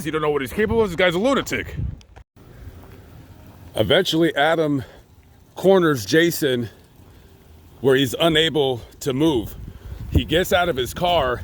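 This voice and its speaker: A man narrating a true crime story in a casual, dramatic vlog style, building excitement and acting out quotes. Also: fairly high pitch, a little hiss or hum. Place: outdoors on location.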